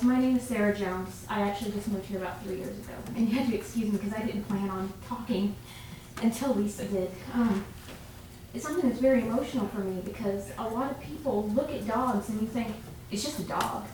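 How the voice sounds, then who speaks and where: A woman's voice: mid-range voice, fairly quick, mellow. A woman giving an emotional public comment at a city council meeting. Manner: emotional, heartfelt. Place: council chamber. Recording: echoey chamber, far from mic, faint noise.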